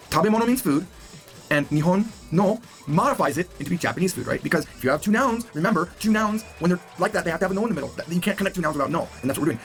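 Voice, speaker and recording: A man gives a recorded language lesson at a rapid clip, his somewhat high voice rising and falling with plenty of life. He keeps it playful and acts out the example lines he explains. The tone stays that of a teacher on video.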